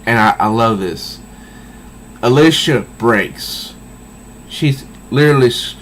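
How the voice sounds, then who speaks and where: A man casually reviewing a comic book, talking haltingly with many restarts. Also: mid-range voice, expressive, a bit bright, slight background noise, poor audio.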